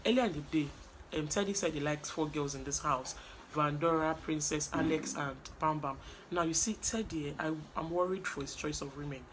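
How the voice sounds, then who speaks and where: A woman's voice: deep voice, normal speed, noisy background. Chatty Nigerian woman gossiping. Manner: gossipy, chatty, acts out what people said. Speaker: vlogger recapping a reality show. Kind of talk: animated casual recap with acted quotes.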